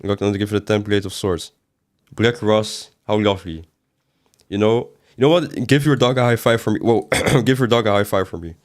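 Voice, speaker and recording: A man with a fairly low voice talks through a game livestream. He reads his chat aloud and answers it, rambling casually between sudden exasperated outbursts. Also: a little fast. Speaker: game streamer.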